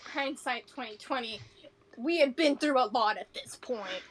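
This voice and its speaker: A woman's voice: fairly high pitch, a little slow, slight background noise, natural voice. A woman voicing a guilt-ridden woman adventurer who pleads in rambling, run-on sentences. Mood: pleading.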